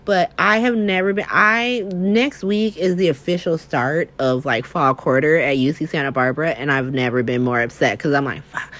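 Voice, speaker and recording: A young woman in casual chat, recapping soap opera episodes in a chatty, animated way, full of fillers and swearing. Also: sits low, moderate pace, few pauses. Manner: chatty, filler-heavy, profane, animated retelling.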